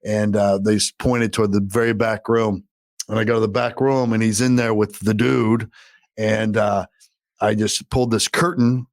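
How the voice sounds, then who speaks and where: A man's voice: on the low side, level tone, moderate pace, dry recording, clean studio sound. A man casually telling a story on a podcast, cursing a lot and acting out what people said. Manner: profane, rambling, acts out quotes loudly. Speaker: podcast co-host.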